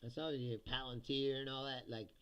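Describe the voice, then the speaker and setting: A man's voice: medium pitch, level tone, a little fast, fairly bright tone, smooth. A male comedian hosting a casual livestream, swearing, joking sarcastically and laughing often as he reads viewer comments. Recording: dull lo-fi stream audio.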